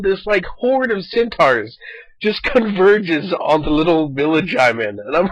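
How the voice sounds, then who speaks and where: A man chatting casually over his gameplay footage, animated and talkative, acting out quoted lines as he goes. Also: high voice, unhurried, no echo, muffled recording. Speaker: gaming video host.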